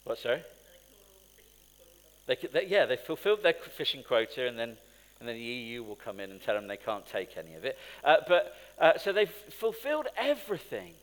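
A man's voice: medium pitch, very animated, brisk. A man preaching a sermon in a conversational, storytelling way, with asides to the congregation. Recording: long hall reverb.

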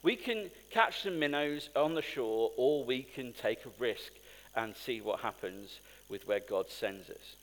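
Man, sermon, chatty storytelling, lively rising and falling pitch, long hall reverb. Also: unhurried. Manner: conversational, animated storytelling with asides. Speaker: preacher.

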